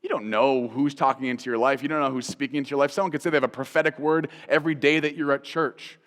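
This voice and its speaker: A man hosting a Christian teaching show, talking in an animated, conversational way, repeating phrases for emphasis and putting direct questions to the listener. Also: medium pitch, quick pace, long reverb tail. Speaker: host and Bible teacher.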